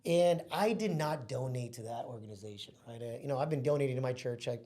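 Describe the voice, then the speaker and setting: A man telling a personal story as a podcast guest, in an excitable, casual way full of slang. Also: medium pitch, fast.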